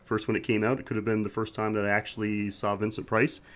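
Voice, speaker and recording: A man's voice: on the low side, flat delivery, quick pace, fairly bright tone. A man co-hosting a podcast, chatting casually and enthusiastically, and laughing often. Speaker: podcast co-host. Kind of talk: casual chat.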